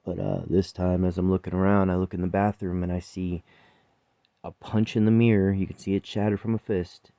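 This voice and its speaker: A man's voice: sits low, little pitch movement, a little fast, warm tone, clean tone, no room sound. A man who works as a chef, telling a personal story in a blunt, profane, rambling way, with laughs.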